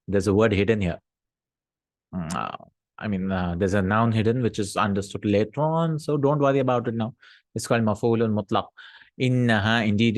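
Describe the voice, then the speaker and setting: A man teaching a recorded Arabic grammar lesson, reading example sentences aloud, translating them, and checking in with quick "hmm?" and "no?" asides. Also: medium pitch, dry recording. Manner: explanatory, checks in with frequent "hmm?" and "no?".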